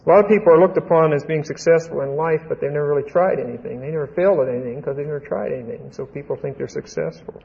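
A man's voice: on the high side, very fast, creaky, hardly any pauses. Emphatic male preacher in a reverberant hall. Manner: conversational, emphatic, checks in with the listeners. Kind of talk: Bible teaching sermon. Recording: dull lo-fi recording with long hall reverb.

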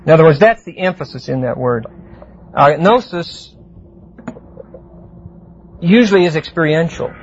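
A man teaching a verse-by-verse Bible class, explaining Greek words deliberately and often asking the class "see?". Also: a little high, animated. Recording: muffled lo-fi classroom tape with faint hiss.

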